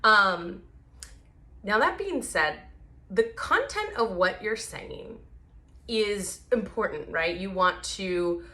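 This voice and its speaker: A woman's voice: mid-range voice, expressive, takes it slowly, pushed and bright. A woman hosting a leadership advice show, talking casually and upbeat with frequent fillers.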